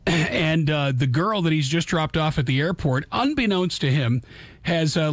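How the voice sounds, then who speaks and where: A male radio host chats with a guest, stumbling over his restarts. His voice sits a little high and sounds dry and close. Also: no echo. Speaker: radio talk show host. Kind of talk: radio talk show chat.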